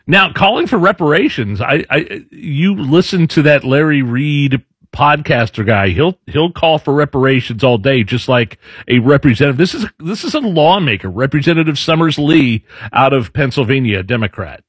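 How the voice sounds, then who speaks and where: Casual political show host, lively voice, dry close sound. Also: male voice, on the high side, normal speed, slightly rough, dry recording. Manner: casual, restarts, animated. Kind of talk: political commentary chat.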